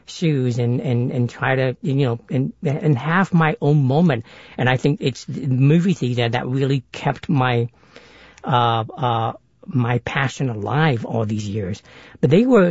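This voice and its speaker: A middle-aged man with a higher-sounding voice, telling stories as a guest in an interview, hesitant with many restarts. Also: a little mellow, breathy edge, dry recording, highs cut off. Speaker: guest, actor and author. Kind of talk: interview storytelling.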